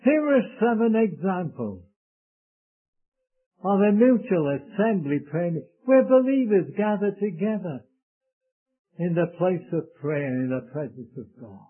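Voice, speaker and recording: A man's voice: high voice, lively intonation, unhurried. A man preaching a sermon in an earnest, solemn way, speaking to his listeners as beloved. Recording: tinny lo-fi phone-like recording.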